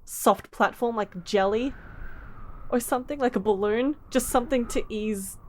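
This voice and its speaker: A woman playing a tabletop game, describing her character's actions and prone to excited exclamations. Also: fairly high pitch, moderate pace, a little hiss or hum. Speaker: player. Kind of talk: casual tabletop play.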